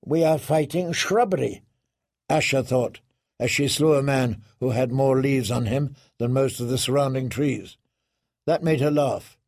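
A man narrating a grim story in a slow, measured audiobook reading. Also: mid-range voice, steady tone, darkish tone. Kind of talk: scripted narration.

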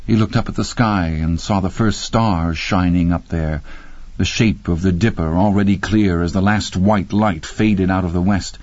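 A man narrating a horror audiobook in a steady, measured way. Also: low voice, no room sound. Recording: dull lo-fi dry recording.

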